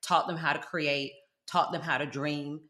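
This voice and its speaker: A woman guest telling her story in an animated, emphatic way, with Jamaican parents and a South Florida upbringing. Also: low-pitched, unhurried, reverberant. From Jamaican parents, grew up in South Florida. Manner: animated, emphatic, quotes others in lively voices. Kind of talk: candid conversational storytelling.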